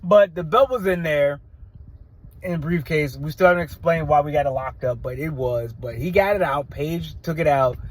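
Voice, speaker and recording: Male show host, fairly high voice, blunt opinionated rambler who stammers and restarts. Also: normal speed. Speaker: wrestling show reviewer. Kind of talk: casual opinionated review.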